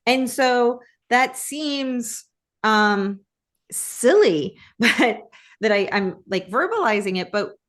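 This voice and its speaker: A woman co-hosting a podcast in casual chat, animated and quick to restart her sentences. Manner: animated, restarts often, jumps up in pitch. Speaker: podcast co-host.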